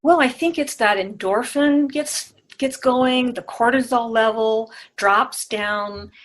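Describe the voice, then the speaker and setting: A woman being interviewed as a speaking and presentation coach, talking in a lively, demonstrative way and acting out vocal exercises. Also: mid-range voice, poor audio. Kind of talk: conversational interview.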